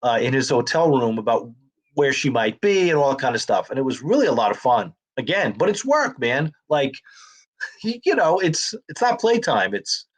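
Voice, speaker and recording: A man's voice: medium pitch, very animated, moderate pace. A middle-aged man, a comedian and actor, telling anecdotes in a casual interview and acting out the voices of others.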